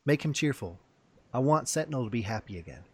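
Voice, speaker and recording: A man's voice: mid-range voice, expressive, quick pace, breathy edge. A man hosting a casual gaming chat, playful and hyping up his guest. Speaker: podcast host.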